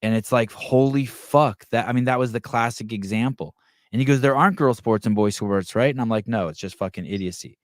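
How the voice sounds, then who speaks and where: A man's voice: medium pitch, a little fast, no echo, clean studio sound. A man hosting a live call-in podcast, talking bluntly with heavy profanity, restarting sentences as he tells stories. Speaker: podcast host. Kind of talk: casual live call-in chat.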